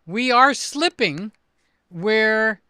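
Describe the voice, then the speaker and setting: Older guy rambling on a livestream, bright clear voice, slow and chatty, gets excited giving shout-outs. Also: high-pitched, dry recording, clean studio sound. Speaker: livestream host. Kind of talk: casual livestream chat.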